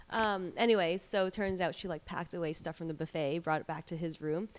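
Woman in her 30s, kinda low pitched, rambling chatty storyteller, fillers everywhere. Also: quick pace, few pauses. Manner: chatty storyteller, many likes and you-knows. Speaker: guest. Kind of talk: casual chat.

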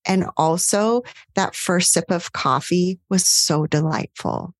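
A woman coach as a podcast guest, talking gently and soothingly, full of warm affirmations. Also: on the low side, normal speed, hardly any pauses, no room sound, studio quality. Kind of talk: podcast interview.

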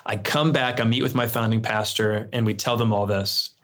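A man's voice: fairly low pitch, moderate pace. Male guest pastor, 30s, conversational storyteller. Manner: earnest storytelling, relaxed fillers. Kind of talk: conversational interview.

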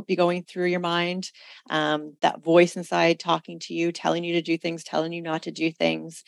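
A woman hosts a coaching call, steering her listeners through reflective exercises at an easy pace. Her voice sits low and carries a gravelly fry. The sound is dry and close, with no room around it. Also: dry recording. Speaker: host leading a women's community call. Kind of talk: coaching talk on a group call.

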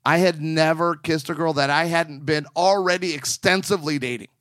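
A man's voice: fairly high pitch, normal speed, dry recording, clean studio sound. A man in his forties co-hosting a casual talk show, telling a personal story and acting out the people in it. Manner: animated storyteller acting out quoted voices. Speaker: podcast co-host and marriage counselor.

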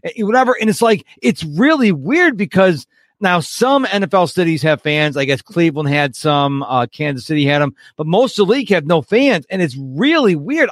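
Emphatic podcast host, dry close sound. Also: male voice, sits high, no room sound. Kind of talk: casual interview.

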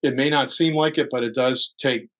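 A man's voice: mid-range voice, steady tone, moderate pace, fairly bright tone. A man co-hosting a casual podcast, talking earnestly and loosely, often laughing, recorded in a hall. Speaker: podcast co-host.

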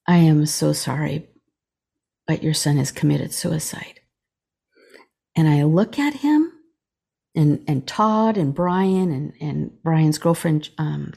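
A middle-aged woman, a chaplain guesting on a podcast, telling a personal story in a halting way with many pauses and restarts while acting out the dialogue. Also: low voice, vocal fry, mellow, slightly rough. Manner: halting retelling, many fillers and restarts, acts out quoted dialogue.

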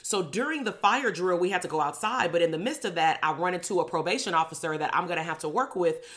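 A middle-aged woman from Compton tells stories from her own life in a loose, casual way. Her voice sits a little low. She is blunt and sarcastic, and she swears freely as she goes. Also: expressive, quick pace, fairly bright tone. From Compton, Los Angeles. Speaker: podcast host, clinical psychologist. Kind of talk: casual storytelling monologue.

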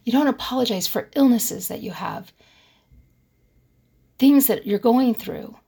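A woman's voice: a little high, a little slow, creaky, warm tone, husky. An older woman talking earnestly and emphatically about not apologizing, telling personal stories as a vlogger. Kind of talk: personal advice talk.

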